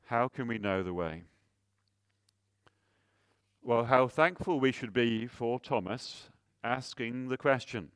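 A man preaching a sermon, earnest and full of rhetorical questions, often restarting phrases, rising louder on key points and dropping soft for emphasis. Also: mid-range voice, clean tone, no echo, clean studio sound.

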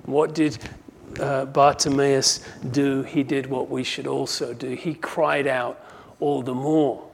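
A man preaching a sermon, who acts out the quoted cries and moves from hushed asides to loud, impassioned calls. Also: mid-range voice, level tone, slow pace, vocal fry. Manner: swings from hushed to shouting when quoting cries; dramatizes quoted voices.

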